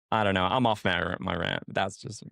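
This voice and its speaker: A man's voice: low voice, gravelly, fairly bright tone, no echo, clean studio sound. A man, a sheriff's deputy, talking in a casual podcast chat, rambling with lots of "like" and "you know" and swearing freely.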